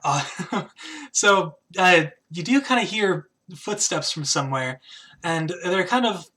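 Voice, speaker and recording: A man's voice: high-pitched, lively intonation, takes it slowly, bright, forceful tone. A man narrating as game master in a tabletop game, talking casually with frequent hesitations. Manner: casual, hesitant, lots of "kinda".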